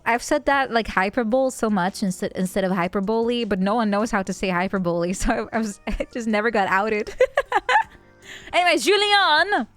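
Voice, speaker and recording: A woman's voice: mid-range voice, dry recording. A woman streamer chatting casually, playful and rambling, laughing often; English is not her first language. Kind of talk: casual chat.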